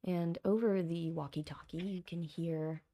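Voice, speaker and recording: A woman game master narrating a tabletop game in slow, deliberate storytelling. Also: fairly low pitch, steady tone, dark tone.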